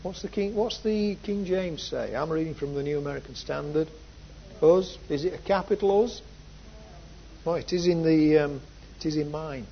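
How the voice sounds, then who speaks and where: A man preaching a sermon, moving from soft reflective passages to loud, emphatic repeated phrases. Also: a little high, normal speed, creaky. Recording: dull lo-fi sound.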